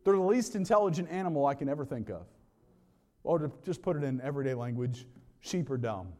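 High-voiced man preaching in a reverberant hall. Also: expressive, fairly quick, dark tone. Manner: preaching with dramatic rises and drops, repetitive emphatic lists. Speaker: pastor. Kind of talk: sermon.

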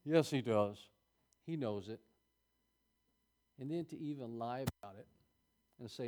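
A man's voice: medium pitch, animated, measured pace, pauses often, dark tone. A man preaching a sermon, reading scripture aloud and adding folksy, chuckling asides to his congregation.

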